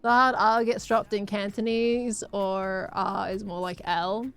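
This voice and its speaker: A woman's voice: mid-range voice, little pitch movement, a little slow, a bit bright, soft background music. A young adult woman streaming casually, answering chat messages and laughing often.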